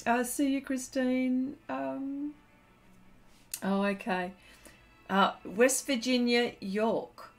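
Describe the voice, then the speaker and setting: A woman's voice: on the high side, fairly bright tone. A woman hosting a live painting stream, chatting casually and laughing as she reads comments aloud.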